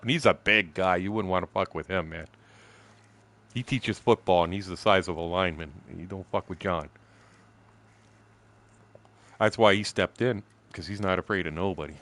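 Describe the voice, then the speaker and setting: Guy in his 60s, low voice, swears a lot, rambling stream story. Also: fairly quick, fairly bright tone, no echo. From Windsor, Canada. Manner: profane, blunt, chuckling storyteller. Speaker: game streamer. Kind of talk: rambling anecdote told while gaming.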